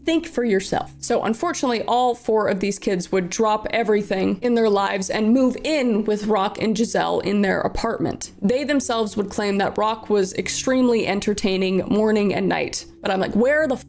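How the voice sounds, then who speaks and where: Woman telling a true crime story, casual and chatty, mid pitch, throws in sarcastic asides. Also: normal speed, hardly any pauses, a little mellow.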